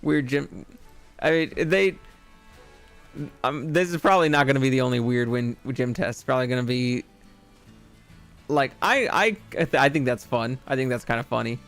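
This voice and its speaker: A man's voice: medium pitch, moderate pace, pauses often, a bit bright. A man streaming a video game, chatting casually in a rambling, goofy way, with plenty of fillers. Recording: faint game music behind.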